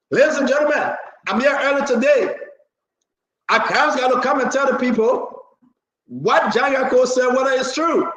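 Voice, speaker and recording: High-voiced rambling talk host. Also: male voice, moderate pace, reverberant, low-quality recording. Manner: rambling, repetitive, animated, bursts into shouting. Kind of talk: live call-in political talk show.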